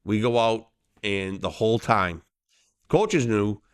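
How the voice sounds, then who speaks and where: A middle-aged man, a referee co-hosting a casual podcast, telling stories with lively acted-out quotes. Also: fairly low pitch, takes it slowly, clean tone. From Boston. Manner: animated storyteller, acts out voices in quotes. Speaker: hockey referee and podcast co-host.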